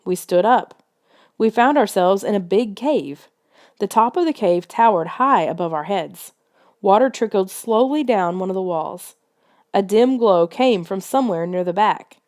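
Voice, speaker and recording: With lively intonation, a slightly slow pace and a somewhat mellow medium-pitched voice, a woman narrates a children's adventure book. Her scripted audiobook reading is tense and suspenseful.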